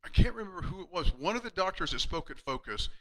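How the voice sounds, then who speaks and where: A man in his fifties, a chiropractor giving an earnest live-streamed talk to colleagues, emphatic with many restarts and going quiet and hushed when retelling patient stories. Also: high voice, expressive, fast talker, low-quality recording. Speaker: chiropractor speaking to fellow chiropractors.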